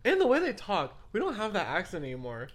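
A woman's voice: medium pitch, huge pitch swings, quick pace. A young woman co-hosting a podcast, chatting in a laid-back, blunt way and swearing casually. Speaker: podcast co-host. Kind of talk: casual chat.

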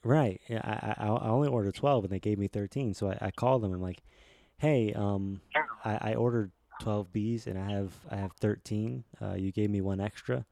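A man's voice: on the low side, moderate pace, gravelly, warm tone. A man hosting a casual comedy podcast, telling a long rambling joke with lots of restarts. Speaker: podcast host.

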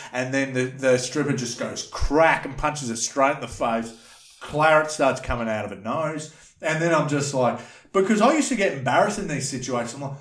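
A man's voice: mid-range voice, normal speed. A man telling crude nightclub stories in a casual podcast chat, swearing and acting out the people he quotes. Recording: echoey room.

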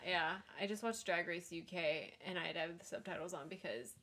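A young woman from the United States co-hosting a podcast in casual chat, talking quickly with lots of asides. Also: on the low side, sharp tone. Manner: chatty, quick asides, frequent laughs. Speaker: podcast co-host.

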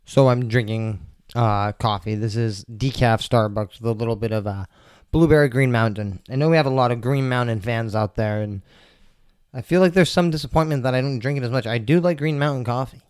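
A stoned man hosts his podcast from a table at home, talking in a loose, rambling, foul-mouthed way. His mid-pitched voice comes through smooth and resonant, close and dry with no room sound around it. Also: a little fast, a little mellow, no echo. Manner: rambling, profane, laid-back. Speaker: podcast host. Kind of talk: casual solo podcast chat. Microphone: table mics.

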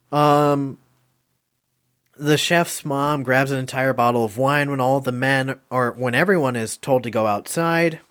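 A man hosting a casual podcast, rambling through favorite moments with lots of swearing, filler words and laughs. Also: mid-range voice. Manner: rambling, profane, laughs often. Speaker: podcast host reviewing a film.

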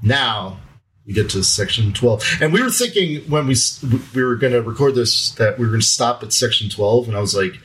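A man's voice: medium pitch, expressive, fairly quick, a bit bright, poor audio. A man co-hosts a casual book podcast, reading passages aloud and chatting between them. He talks in an easygoing way and laughs often. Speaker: podcast co-host.

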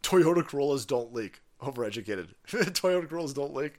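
A man hosting a livestream, ranting casually in a profane, animated way and often breaking into laughter. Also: medium pitch, brisk. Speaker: livestream host.

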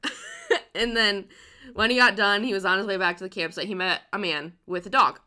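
A woman's voice: medium pitch, sing-song, moderate pace, bright, forceful tone. A woman casually telling a true crime story, swearing freely and laughing often.

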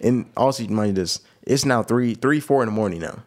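A man's voice: mid-range voice, brisk. A young man co-hosting a casual podcast, telling a rambling story with lots of slang and repeated phrases. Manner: animated, slangy, repeats himself. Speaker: podcast co-host.

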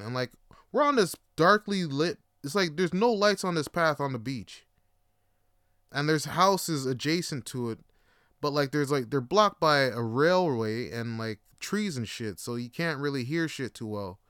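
A man's voice: a little high, lively intonation, measured pace, fairly bright tone, clear, resonant tone, no room sound, studio quality. A man hosting a podcast, telling stories in a casual, rambling monologue with plenty of swearing and filler words. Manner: rambling and profane, full of fillers. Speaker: podcast host.

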